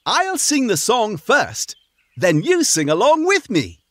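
A cheerful frog song leader. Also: female voice, a little high, huge pitch swings, slow pace, noisy background, heavily acted. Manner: cheerful, teacherly. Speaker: children's sing-along leader. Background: music.

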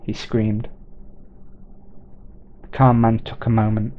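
A man reading a short story aloud in a measured, plain way, in a dull lo-fi recording. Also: lowish voice, flat delivery, slight background noise. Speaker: narrator.

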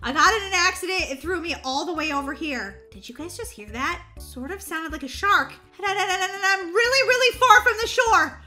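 A woman voicing a bubbly, excitable young girl in a roleplay voiceover, full of squeals and giggly exclamations. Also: very high voice, fairly quick, few pauses, faint music behind, heavily acted. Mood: frantic. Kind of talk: roleplay voiceover for a block-game video.

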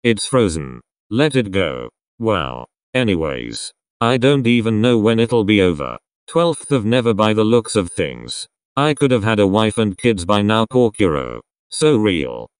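A young man giving casual reaction commentary in a rambling, sarcastic way with quick asides. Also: lowish voice, no room sound, studio quality. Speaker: reaction video host.

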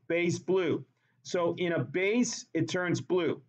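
A man's voice: high-pitched, expressive, slow pace, muffled recording. Playful male chemistry teacher lecturing. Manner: playful, repeats words for emphasis. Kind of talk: classroom lecture. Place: classroom.

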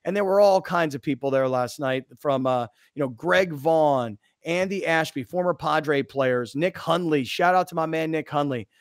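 A man hosting a sports talk radio show, telling a story in an animated, excitable way. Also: fairly high pitch, moderate pace, few pauses, dry recording, clean studio sound.

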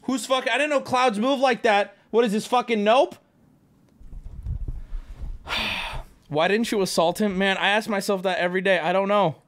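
A man hosting a live stream, reacting loudly to clips, swearing and laughing often as he talks to his chat. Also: high-pitched, steady tone, normal speed, long pauses. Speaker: streamer host.

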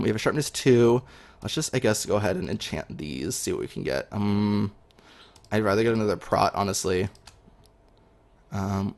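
A young man talking through his game as he plays, chatty and excitable, with lots of ums. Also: on the low side, gravelly. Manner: excitable, chatty, many fillers. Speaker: gaming video host. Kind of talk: live gameplay commentary.

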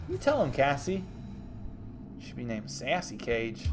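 Upbeat young Texan streamer, lively voice. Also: male voice, mid-range voice, unhurried, long pauses, faint music behind. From Texas. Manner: upbeat, joking, reads chat messages aloud. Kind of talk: casual gaming stream commentary.

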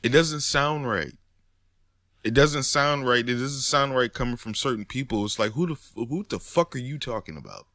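A man talking in a casual monologue, animated and profane, often rising to near-shouts. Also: mid-range voice, normal speed, no echo, studio quality. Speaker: commentator.

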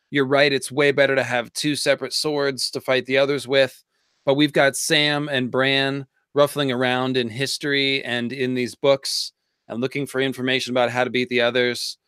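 A man's voice: mid-range voice, flat delivery, moderate pace, pushed and bright, clear, resonant tone, no echo, studio quality. A man co-hosting a casual livestream chat, talking with enthusiasm and building theories. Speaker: co-host of a fan discussion livestream.

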